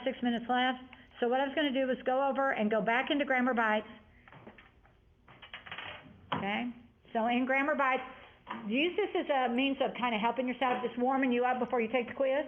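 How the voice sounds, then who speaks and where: A woman's voice: fairly high pitch, steady tone, normal speed, pauses often, a little hiss or hum. A woman teacher giving a grammar lesson to a class, chatty and prone to rambling asides as she explains. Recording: tinny lo-fi classroom audio.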